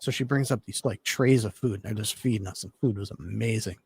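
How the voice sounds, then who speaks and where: A podcast guest tells a long personal story in casual conversation, his voice on the low side, brisk, gravelly, a little mellow, and husky. He's laid-back and rambling, with lots of fillers.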